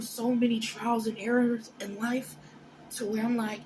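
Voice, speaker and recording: A woman with a somewhat high voice delivers a blunt, profanity-laced motivational talk. She speaks emphatically and casually, straight to her viewers. Steady noise sits clearly under the recording. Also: measured pace. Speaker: motivational vlogger. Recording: noisy background.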